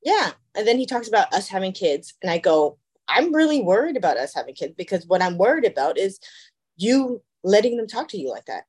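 Husky-voiced woman telling stories. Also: mid-range voice, fairly quick. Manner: animated storyteller, acts out quoted voices. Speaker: podcast co-host. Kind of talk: casual chat.

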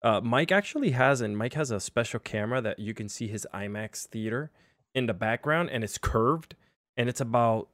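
A man's voice: mid-range voice, animated, moderate pace, fairly bright tone, no room sound, clean studio sound. A young man hosting a casual livestream, chatty and self-deprecating, with lots of fillers. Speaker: livestream host.

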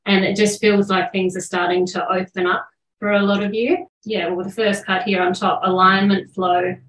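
A woman's voice: mid-range voice, flat delivery, moderate pace, a bit bright, slight background noise. A woman delivers an intuitive card reading in an earnest, flowing way. She sometimes searches for words. The recording has an echoey room sound. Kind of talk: channelled spiritual message.

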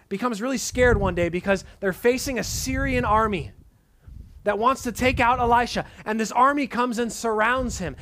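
A man preaching a sermon in an earnest tone, dropping to soft emphatic lines and casual asides. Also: high-pitched.

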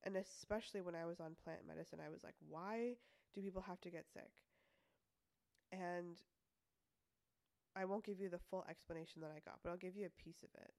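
A woman's voice: lowish voice, fairly even intonation, fast, vocal fry, a little mellow, no room sound. A woman hosting a casual self-help podcast, talking in a chatty way, laughing often and acting out little quoted voices. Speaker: podcast host.

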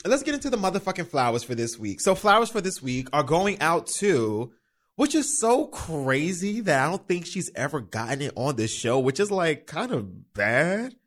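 A young man hosting a solo podcast, talking in a loose, animated way. His voice climbs and dips a great deal as he chats, and he swears freely. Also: on the high side, moderate pace. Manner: animated, chatty, swears freely, quotes himself in little voices. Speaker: podcast host. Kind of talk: casual solo podcast chat.

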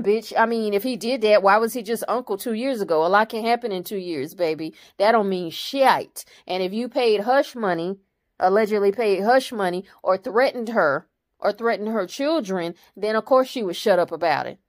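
A woman hosting her own commentary channel, reading news articles aloud and breaking off into blunt, profane opinions. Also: mid-range voice.

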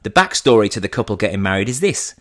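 A man's voice: on the low side, big pitch swings, fast. A man in his thirties hosting a podcast, telling a story in a chatty, teasing way. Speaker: podcast host. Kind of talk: comic storytelling.

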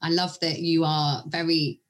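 A woman's voice: deep voice, flat delivery. A woman with a British accent, hosting a podcast and chatting easily with her guest. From United Kingdom. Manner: chatty, quick to laugh along. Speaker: podcast host. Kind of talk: podcast interview.

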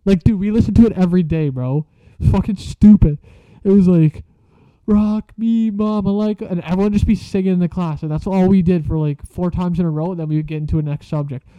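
A man's voice: fairly high pitch, dark tone, dry recording. Profane, rambling young man, muffled. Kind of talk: casual storytelling vlog. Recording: dry muffled lo-fi recording.

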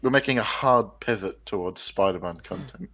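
A man's voice: lowish voice, moderate pace, sharp tone. A young man co-hosting a podcast, chatting casually with dry, mock-indignant humour. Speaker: podcast co-host. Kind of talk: casual chat.

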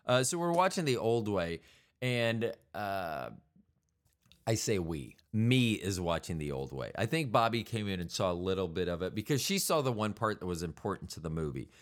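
A man's voice: on the low side, very animated, moderate pace. A male podcast host talking in a rambling, casual monologue, wry and prone to correcting himself mid-sentence. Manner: meandering, self-correcting, wry.

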